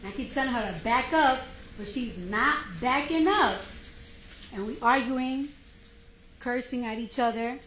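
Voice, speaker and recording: Animated woman testifying in court. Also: on the high side, unhurried, long pauses. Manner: animated storytelling, acting out quotes. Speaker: witness testifying. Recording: echoey courtroom, faint noise.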